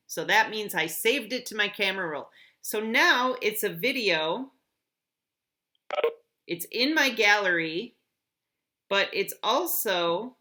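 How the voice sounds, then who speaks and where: Woman teacher, bright voice, mid pitch, clear and encouraging tutorial delivery. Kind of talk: app tutorial for students.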